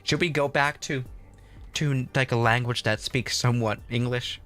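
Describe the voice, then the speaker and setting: Chatty, bright-voiced male streamer. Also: medium pitch, fairly even intonation, moderate pace, faint music behind. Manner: chatty and rambling, with many fillers and restarts. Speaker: livestreaming flight-sim host. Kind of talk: casual livestream commentary.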